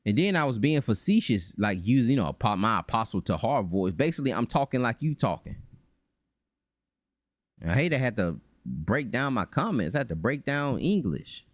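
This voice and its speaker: A man hosting a reaction commentary, animated and mocking, breaking into voices to make his points. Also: mid-range voice, normal speed, dry recording. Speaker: channel host.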